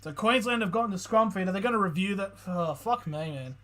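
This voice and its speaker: Excitable, swearing man calling a match. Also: high voice, brisk. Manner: excitable, swears a lot, shifts from calm calls to loud outbursts. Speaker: streamer. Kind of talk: live play-by-play reaction commentary.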